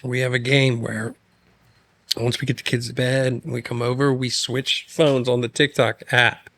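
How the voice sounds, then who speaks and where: A man's voice: mid-range voice, little pitch movement, moderate pace, fairly bright tone. A man hosting a podcast in a studio, chatting casually and laughing often. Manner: laughs often, jokes about friends. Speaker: podcast host. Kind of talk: casual chat. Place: studio with mics and headsets.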